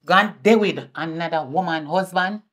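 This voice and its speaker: A woman with a Jamaican accent playing a fierce mother who scolds her daughter, swinging between shouting and muttering. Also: fairly low pitch, moderate pace, husky. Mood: scolding. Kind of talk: indie film acting.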